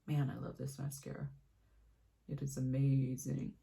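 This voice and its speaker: A young woman tells a long personal story while she does her makeup on camera, and she slips into the voices of the people in it. Her voice is gravelly and husky, with a dark, mellow tone. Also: extremely low pitch, unhurried. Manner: animated storyteller, acts out quoted voices. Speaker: beauty vlogger.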